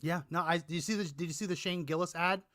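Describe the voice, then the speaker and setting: A man's voice: fairly high pitch, fairly even intonation, quick pace, a crowd in the background. A man hosting a casual political chat show, meandering and restarting his sentences with the odd chuckle. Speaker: podcast co-host.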